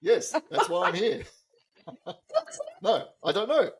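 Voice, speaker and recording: A man's voice: high voice, big pitch swings, slow, slight background noise. A man teacher co-hosting a podcast, chatting casually and chuckling at his own jokes. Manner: chuckling, joking. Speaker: co-host, teacher.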